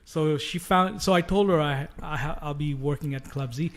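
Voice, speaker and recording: A man's voice: a little high, normal speed. A man, a DJ guest on a podcast, telling old club stories in casual chat, laughing often, swearing freely and restarting sentences. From Canada.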